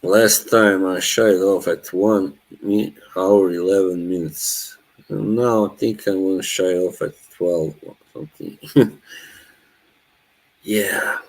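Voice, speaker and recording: A man's voice: sits low, steady tone, slow, poor audio. A man, chatting casually with his live chat as a streamer, laughing often. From Bosnia. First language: Norwegian. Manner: laid-back, laughs often, chats to viewers.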